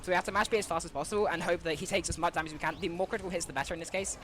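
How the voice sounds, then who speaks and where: A man's voice: a little high, steady tone, a bit bright, slight background noise. A man commentating his own speedrun live, eager and full of fillers, out of breath with a sore throat. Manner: fast, eager, with frequent fillers.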